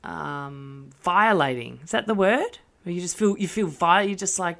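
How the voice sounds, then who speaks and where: A woman in her thirties talks to her listeners in a candid, self-mocking way, swearing freely. Her voice sits a little low for a woman. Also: measured pace, vocal fry, few pauses. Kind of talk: casual monologue.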